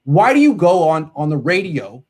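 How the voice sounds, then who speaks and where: Guy hosting a sports show, higher voice, swings all over the place, fed up and ranting. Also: normal speed. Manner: animated, exasperated ranting. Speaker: sports podcast host. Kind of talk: casual sports chat.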